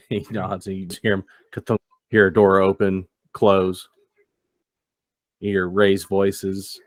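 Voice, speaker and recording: A man's voice: deep voice, completely flat delivery, slow pace, no echo. A man narrating a tabletop game as game master in a casual, rambling way. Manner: casual, rambling, many fillers.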